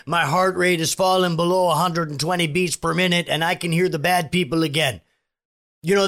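A man doing an impression of a rambling, conspiratorial middle-aged male pillow salesman with a Minnesota accent. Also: a bit bright. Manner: rambling, manic, conspiratorial pitchman. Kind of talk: comedic impression.

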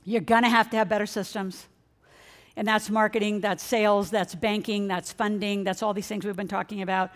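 A middle-aged woman, a financial coach, giving an energetic motivational seminar talk and speaking straight to her audience. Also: mid-range voice, a little fast. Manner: energetic, excitable, addresses the audience directly. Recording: long hall reverb.

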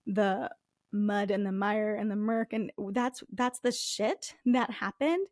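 A woman's voice: medium pitch, slow pace, a little mellow, no room sound, clean studio sound. A woman in her thirties with a Northeastern US accent, a podcast guest telling her story in a candid, chatty way. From farming community in the US. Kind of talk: podcast interview.

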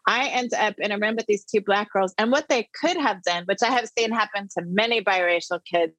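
A middle-aged woman, an interview guest, telling a personal story with animated emphasis. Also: mid-range voice, fairly quick, dry recording. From the Netherlands.

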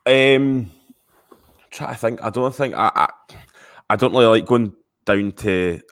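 A Scottish man on a podcast, speaking in a hesitant, halting way with many restarts. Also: mid-range voice, a bit bright. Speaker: podcast guest. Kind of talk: casual podcast chat.

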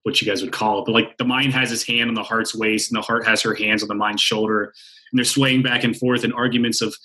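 A man speaking as a podcast guest, animated and playful, with casual swearing. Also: on the low side, a little fast. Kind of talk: conversational interview.

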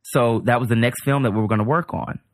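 A male comedian, a podcast guest, telling an animated, rambling story in casual chat. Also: mid-range voice, fast talker, dry recording.

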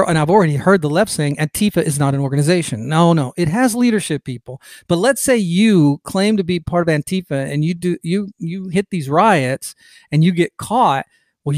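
A man's voice: high voice, animated, normal speed, a little mellow, no echo. A man hosting a political podcast, talking in an opinionated, digressive and emphatic way. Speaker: podcast host.

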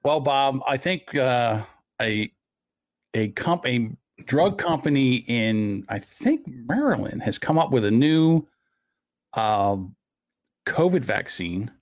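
A man's voice: mid-range voice, sing-song, no room sound, clean studio sound. A man co-hosting a podcast, talking bluntly and crudely in casual chat. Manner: blunt, crude, quick to react. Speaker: podcast co-host.

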